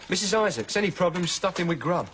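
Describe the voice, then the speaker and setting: Casting: a quick-talking teenage son, lively pitch, noisy soundtrack. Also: male voice. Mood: edgy. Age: teens. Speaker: son awaiting exam results. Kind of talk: 1980s British TV drama.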